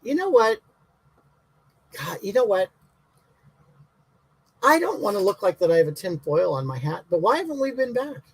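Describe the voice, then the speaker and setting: Man doing a brash elderly lady, comic livestream, high swooping voice, blunt indignant rambling. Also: very animated, moderate pace, long pauses, husky, no echo, heavily acted, poor audio. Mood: ranting. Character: brash bigoted elderly woman chatting live. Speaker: livestream host answering comments.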